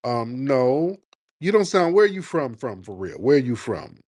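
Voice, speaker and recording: A man's voice: medium pitch, very animated, measured pace, a little mellow, dry recording, studio quality. A man hosting a call-in radio show who argues sharply and presses his caller.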